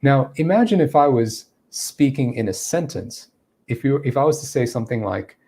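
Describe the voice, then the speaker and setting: A man's voice: medium pitch, animated, moderate pace, dark tone. A man giving a live-streamed English lesson, explaining step by step and acting out spoken examples. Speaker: English teacher.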